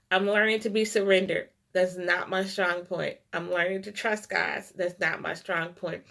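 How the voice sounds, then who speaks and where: A middle-aged woman giving a heartfelt devotional talk, in short halting phrases full of "like" and "um". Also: on the low side, gravelly, a bit bright. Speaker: Christian vlogger. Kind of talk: casual devotional talk to camera.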